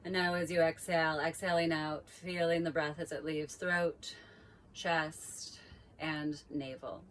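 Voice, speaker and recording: Slow, low-voiced woman guiding breathwork. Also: a little hiss or hum. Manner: slow, calm, drawn-out cues. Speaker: yoga teacher. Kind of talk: guided breathing instruction.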